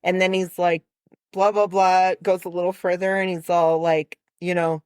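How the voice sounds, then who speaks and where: A woman's voice: fairly low pitch, level tone, moderate pace, a little mellow, clean tone, no echo, studio quality. A woman co-hosting a podcast, telling a story in a casual chat and acting out both sides of the conversation. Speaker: podcast co-host.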